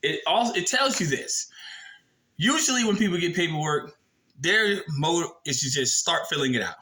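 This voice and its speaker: A man with a high, bright and forceful voice talks through a form in a casual explainer. He reads passages aloud, stresses key words hard, and throws in rhetorical questions and blunt swearing. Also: expressive, normal speed, rough recording. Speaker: video presenter.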